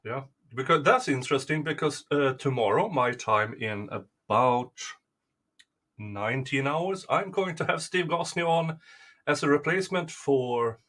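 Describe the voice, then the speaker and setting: A man hosting a casual live stream, talking haltingly with many fillers. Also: medium pitch, expressive, a bit bright. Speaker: stream host.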